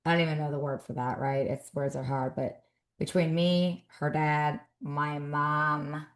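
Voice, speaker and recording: A woman in her thirties co-hosting a podcast in casual chat, animated and acting out scolding her kids. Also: sits low, measured pace. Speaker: podcast co-host.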